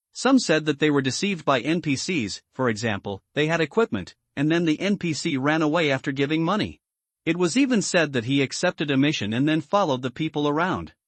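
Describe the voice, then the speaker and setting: A man reading a translated comic story aloud as a recap narrator, in a steady, even manner. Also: a little high, no room sound.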